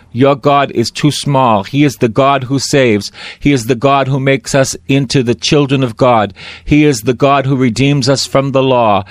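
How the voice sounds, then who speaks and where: A man preaching a sermon, slow and emphatic, often repeating phrases for weight. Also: mid-range voice, no echo.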